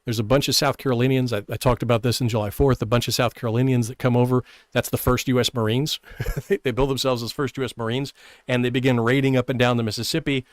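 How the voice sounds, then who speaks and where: A man's voice: medium pitch, steady tone, no room sound. A man hosting a live-streamed history talk. He speaks casually, chuckles now and then, and keeps checking in with "right?" asides. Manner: fast, conversational, with chuckles and many "right?" asides. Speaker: history show host.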